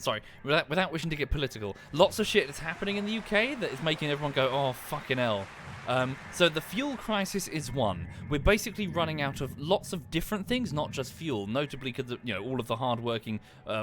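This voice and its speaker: British man, game streamer, very animated pitch, sweary, self-interrupting, clear background music. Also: quick pace, few pauses. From United Kingdom. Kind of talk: casual gameplay commentary and chat.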